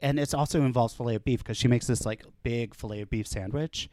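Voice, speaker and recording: A man's voice: mid-range voice, fast talker, mellow, dry recording. Guy hosting a podcast, gossipy casual chat, dry close sound. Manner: chatty, gossipy, many "like" fillers. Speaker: podcast host.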